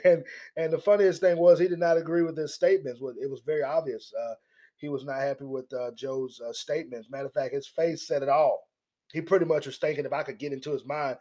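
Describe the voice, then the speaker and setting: A man hosting a political commentary monologue, animated and mocking, often repeating his words. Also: a little high, fast talker. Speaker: commentary host.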